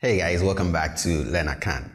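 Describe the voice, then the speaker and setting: A man's voice: low voice, normal speed, in a large hall. A man giving an online language lesson, patient, repeating each word and checking in with "okay" and "all right.". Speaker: language teacher.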